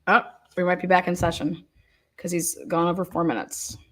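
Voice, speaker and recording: A woman's voice: lowish voice, level tone, moderate pace, fairly bright tone. A woman hosting a livestream, chatting casually with her viewers and giggling often. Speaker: livestream host. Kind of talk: casual chat over a courtroom livestream.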